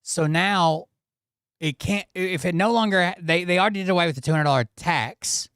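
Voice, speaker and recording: A man hosts a casual commentary show in a clear, smooth voice pitched a little high. He talks bluntly, with sarcasm and swearing. The recording is dry and close to the mic. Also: normal speed, fairly bright tone, no room sound. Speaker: commentary channel host.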